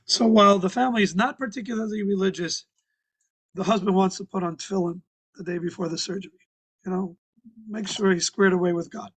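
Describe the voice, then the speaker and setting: Male rabbi with a high voice, telling a story from the pulpit in a loose, halting, conversational way. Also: steady tone, a bit bright, rough recording. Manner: conversational, halting with restarts and fillers. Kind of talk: sermon storytelling. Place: synagogue.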